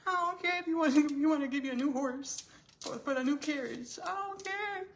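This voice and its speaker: A woman voicing a sassy young woman who defiantly sticks up for her family, her voice climbing high as she repeats herself. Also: steady tone, brisk, gravelly, a little hiss or hum. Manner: defiant, rising to shrieks.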